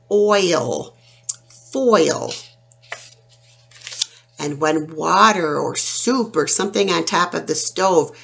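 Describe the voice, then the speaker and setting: A woman teaches a phonics lesson for children. She speaks slowly in a fairly low voice with a gravelly edge, stretching out each word as she sounds it out clearly. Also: a bit bright. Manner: slow, clear, drawn-out sounding out of words.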